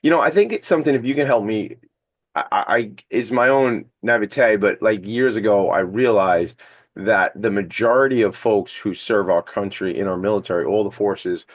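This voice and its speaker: A fairly low-voiced man hosts a streamed talk radio show, rambling and joking as he talks. His delivery is chatty and enthusiastic, and he goes off on tangents. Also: normal speed. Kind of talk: casual interview chat. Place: studio streamed on video.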